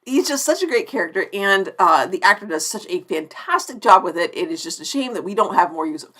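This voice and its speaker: A woman's voice: mid-range voice, animated, a little fast, hardly any pauses, a bit bright. A woman around forty hosting a live-stream TV review, effusive and chatty, often restarting her sentences mid-thought.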